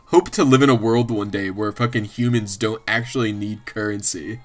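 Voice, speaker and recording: A man's voice: fairly low pitch, normal speed, hardly any pauses, soft background music. A man streaming, chatting casually and ramblingly, swearing a lot and often laughing. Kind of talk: casual livestream chat.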